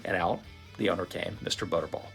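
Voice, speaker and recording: A man telling a motivational story in a vivid, animated storytelling manner. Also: sits low, fast talker, creaky. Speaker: motivational speaker. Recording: faint guitar music behind. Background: soft guitar music.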